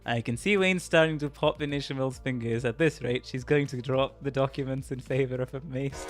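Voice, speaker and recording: A male streamer reads a game's story aloud, breaking off to joke, laugh and greet viewers. His voice sits at a middle pitch and his delivery is casual. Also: fairly even intonation, normal speed, few pauses, faint music behind. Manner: jokey, laughs often, chats with viewers. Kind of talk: reading game dialogue aloud on stream.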